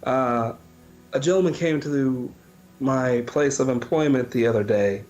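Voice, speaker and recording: A man with a Southern American accent co-hosting a casual podcast, telling stories slowly and hesitantly with fillers. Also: medium pitch, darkish tone, faint music behind. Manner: slow storytelling, hesitant with fillers. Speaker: podcast co-host. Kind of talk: casual chat.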